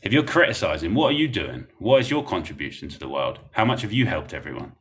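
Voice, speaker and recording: A man's voice: low voice, big pitch swings, fast talker. A young man, chatting bluntly and rambling while reading comments on a livestream. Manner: blunt, rambling, laughs often.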